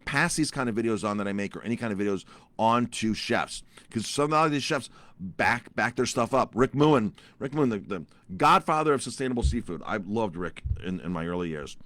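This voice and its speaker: A man's voice: fairly low pitch, animated, moderate pace, a bit bright, dry recording. A middle-aged man, a chef, telling a story in a casual vlog, ranting with animation and repeating his words often. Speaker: chef and restaurant owner.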